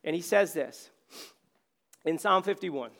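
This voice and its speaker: Guy pastor, voice going hoarse, chatty sermon w lots of "like", bit high pitched. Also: slow, fairly bright tone. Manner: casual, self-deprecating, conversational preaching with many fillers. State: losing his voice. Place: on stage.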